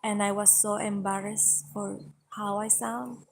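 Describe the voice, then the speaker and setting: A woman's voice: medium pitch, flat delivery, measured pace, creaky, noisy background. Venezuelan woman streaming from the seaside. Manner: chatty, greets viewers by name. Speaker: live streamer. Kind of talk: casual live stream chat. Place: seaside outdoors at sunrise. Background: waves on pebbles.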